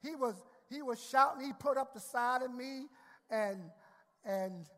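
A male pastor preaching a sermon, repeating words and rising to shouted climaxes. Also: extremely high pitch, a little slow. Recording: long hall reverb.

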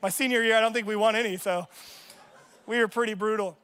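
A man's voice: high-pitched, fairly even intonation, quick pace, fairly bright tone, smooth. A young man preaching a sermon in a casual, joking way, telling stories from his own life at a church service. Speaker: pastor. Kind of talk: sermon with personal storytelling.

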